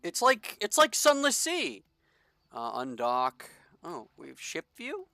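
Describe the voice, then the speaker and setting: A man's voice: fairly high pitch, huge pitch swings, slow pace, bright, forceful tone, no echo. A man giving casual gameplay commentary, jokey and sarcastic, reading the game text aloud as he plays. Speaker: gaming streamer.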